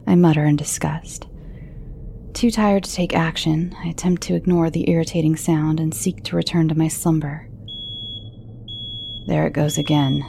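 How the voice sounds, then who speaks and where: A woman narrating horror stories in a hushed voice that often sinks into a whisper. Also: sits low, fairly even intonation, moderate pace, gravelly, a little hiss or hum.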